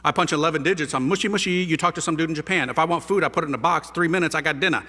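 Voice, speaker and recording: A priest telling his conversion story to an audience, a lively storyteller using casual slang and rhetorical questions. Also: a little high, rapid-fire. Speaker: priest giving a conversion testimony. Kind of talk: animated testimony talk to an audience. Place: large hall with a live audience. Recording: reverberant hall.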